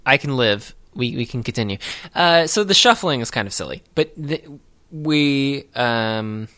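A man's voice: mid-range voice, animated, measured pace, sharp tone. Wry rambling man recapping a film. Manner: rambling, hesitant with many fillers, wry. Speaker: podcast co-host. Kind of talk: casual film recap chat.

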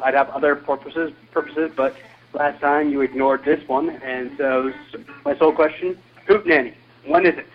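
A man's voice: mid-range voice, steady tone, moderate pace, soft background music. A man leaving a voicemail for a podcast, loose and slightly slurred. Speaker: caller. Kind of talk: voicemail message. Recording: dull lo-fi phone message.

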